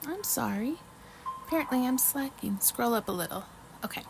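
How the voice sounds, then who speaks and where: A woman's voice: fairly high pitch, animated, normal speed, creaky, over music, low-quality recording. A woman hosting a casual livestream while crafting, chatting with viewers, reading trivia questions and often apologizing. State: mouth full of chocolate at times. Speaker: livestream host.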